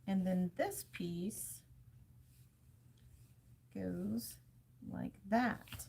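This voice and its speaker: A woman's voice: medium pitch, drawn-out words, gravelly, a little mellow, a little hiss or hum. A woman hosting a live sewing show, chatting casually and self-deprecatingly while she works. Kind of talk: casual live demo chat.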